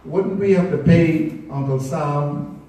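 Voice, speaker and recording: A man's voice: on the high side, slow, warm tone. Earnest man, echoey and distant. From Bahamas. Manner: earnest, persuasive, speaks of a spiritual perspective. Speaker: speaker at a public talk. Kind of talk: public talk with slides. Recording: echoey room recorded from afar.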